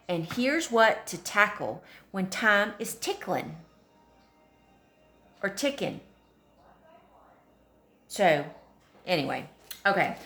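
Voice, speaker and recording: A woman's voice: mid-range voice, a bit bright. A woman, chatting and joking to camera as a mom vlogger, full of sassy asides. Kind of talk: comedic casual chat to camera. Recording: roomy echo.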